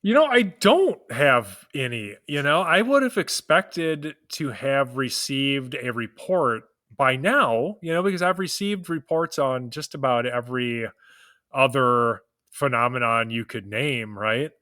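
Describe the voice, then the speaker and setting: A man's voice: mid-range voice, expressive, unhurried, sharp tone, dry recording, studio quality. A man with a Wisconsin accent co-hosting a podcast in loose, casual chat, peppered with swearing and "you know". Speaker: podcast co-host.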